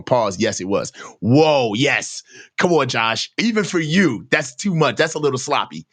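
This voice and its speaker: A man's voice: medium pitch, lively intonation, normal speed, fairly bright tone. A man hosting a live football reaction show, ranting in heated, slangy commentary.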